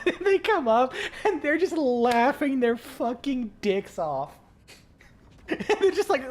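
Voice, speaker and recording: A man's voice: very high voice, big pitch swings, a little slow, long pauses. A man chatting casually with his stream viewers, rambling, full of fillers and swearing freely.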